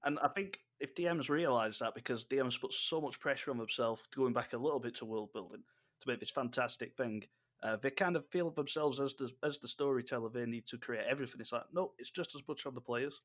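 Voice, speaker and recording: A man's voice: mid-range voice, fairly quick, a bit bright. Chatty, opinionated male podcast guest. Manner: chatty and opinionated, laughs easily. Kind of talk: casual podcast chat.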